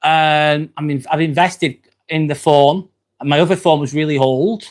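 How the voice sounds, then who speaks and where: An Englishman hosts a laid-back live stream from his phone, voice sitting a little high for a man. He rambles comfortably, filling pauses with ums. He reads out viewer messages and answers them with the odd casual curse. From England. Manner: chatty and relaxed, with frequent ums and casual swearing.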